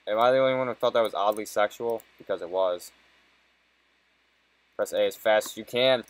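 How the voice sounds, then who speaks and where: A man's voice: on the low side, normal speed, dry recording, low-quality recording. Young man swearing through gameplay. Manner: swears constantly, frustrated and joking. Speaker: let's play gamer. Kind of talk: casual gameplay commentary.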